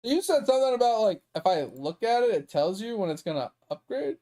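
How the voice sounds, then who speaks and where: Young man, gaming streamer, high voice, swearing, heated, exasperated. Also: sing-song, brisk, warm tone. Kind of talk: casual ranting commentary.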